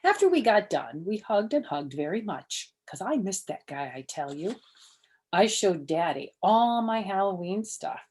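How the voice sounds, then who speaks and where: A woman's voice: medium pitch, very animated, unhurried, darkish tone, husky. An older woman reading a children's chapter book aloud, with chatty asides to her listeners. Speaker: storyteller.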